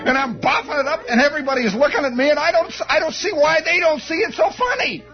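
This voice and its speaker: A man telling a rambling comic story in an animated, digressive way. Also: very high voice, quick pace, lo-fi sound. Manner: animated, digressive, breaks into laughter and sound effects.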